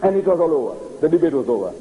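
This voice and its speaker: An older man from South Africa giving a storytelling lecture, animated and emphatic, often repeating key phrases. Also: a little high, very fast, phone-quality sound, slight background noise.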